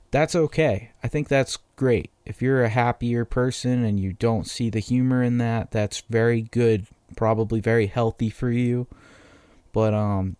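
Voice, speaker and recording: A man's voice: medium pitch, warm tone, clean tone, dry recording. A man, hosting a casual solo podcast in a profane, rambling, self-deprecating way. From Massachusetts. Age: 20s. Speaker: podcast host.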